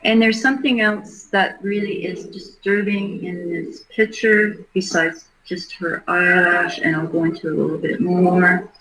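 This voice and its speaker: Slow, earnest middle-aged woman, roomy sound. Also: on the low side, little pitch movement, background noise. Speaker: livestream host. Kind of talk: live case commentary. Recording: roomy echo.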